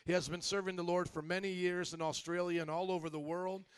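Man, host pastor, high voice, smooth, upbeat and joking, church introduction. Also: level tone, fast. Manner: upbeat, joking, rallying the crowd. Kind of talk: church announcement.

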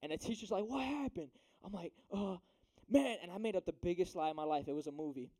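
A young man preaches to a room of teens in an easy, slangy way, keeping up a steady stream of "right?" and "dude." His voice sits high but sounds mellow and warm. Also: quick pace. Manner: slangy, chatty, asks "right?" often. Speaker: youth preacher. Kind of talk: casual youth sermon.

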